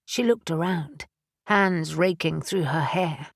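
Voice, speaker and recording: A woman reading a fantasy audiobook in measured, even scripted narration. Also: deep voice, vocal fry, dry recording, clean studio sound.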